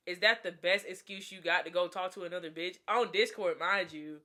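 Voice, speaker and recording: Animated young woman telling a storytime. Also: medium pitch, normal speed, few pauses. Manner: animated, slangy, dramatic. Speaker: vlogger. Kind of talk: storytime vlog.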